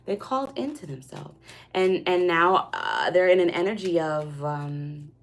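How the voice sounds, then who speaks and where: A woman's voice: on the low side, wildly swooping pitch, unhurried, vocal fry. A woman giving a tarot reading in a casual, conversational monologue. She often checks in with "okay?" and "right?". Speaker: tarot reader.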